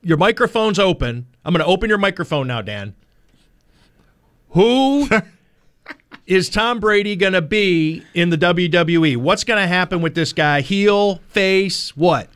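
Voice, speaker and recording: A man's voice: high voice, expressive, measured pace, fairly bright tone, clean tone. A man co-hosting a sports radio show, teasing and firing off questions in casual chat.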